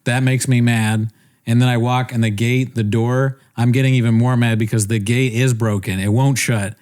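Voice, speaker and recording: A man's voice: mid-range voice, steady tone, moderate pace, darkish tone. A young man on a podcast telling a rambling story in casual chat, interrupting himself and laughing often. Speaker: podcast co-host.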